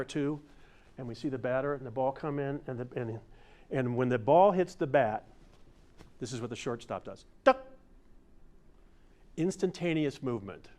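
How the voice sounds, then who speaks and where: An older male presenter running a hands-on workshop, playful and demonstrative. He coaches a room full of people through movement drills and now and then bursts into mock-grand theatrical delivery. His voice sits at an ordinary middle pitch. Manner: playful, demonstrative, acts out overblown theatrical lines. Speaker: masterclass presenter. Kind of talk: workshop lesson with audience exercises. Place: room with a live audience.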